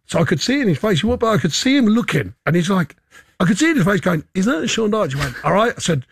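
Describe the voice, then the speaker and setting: A man telling stories in a casual chat as a guest, in an excitable, rapid way. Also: high voice, slightly rough. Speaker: football guest.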